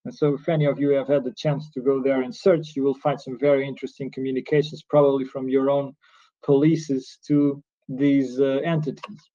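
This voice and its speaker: Brisk and mellow, with a medium pitch and level tone, a man from Portugal gives an earnest conference lecture explaining cybercrime law in a Portuguese accent. The lo-fi recording sounds dull.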